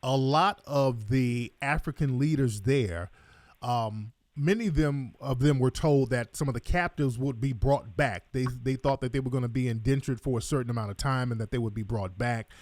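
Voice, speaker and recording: A male radio host interviews a guest and breaks in to draw pointed comparisons with history. His voice sits at an ordinary pitch for a man. The sound is dry and close. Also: moderate pace, a little mellow, no echo. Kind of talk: interview talk.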